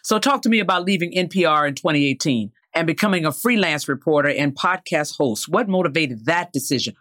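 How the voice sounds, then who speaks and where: A man's voice: on the high side, animated, fairly quick, fairly bright tone, no echo, clean studio sound. A man in his fifties, from the American South, hosting an interview and speaking earnestly and emphatically. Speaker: host, former finance executive. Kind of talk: interview conversation.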